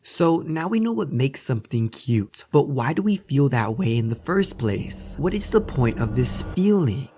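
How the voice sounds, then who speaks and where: A man's voice: mid-range voice, very animated, moderate pace, hardly any pauses, background noise. A man giving a scripted video essay narration that is full of rhetorical questions. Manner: asks many rhetorical questions. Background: background music.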